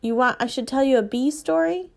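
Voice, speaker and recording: A woman's voice: high-pitched, a little fast, vocal fry, darkish tone. A woman reading aloud and voicing a young girl who speaks carefully and coaxingly in a storybook. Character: young girl, older sister.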